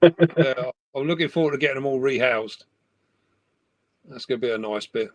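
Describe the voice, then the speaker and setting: A man's voice: medium pitch, moderate pace, dry recording. A middle-aged man, chatting and laughing on a live stream from his room at home. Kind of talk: casual chat.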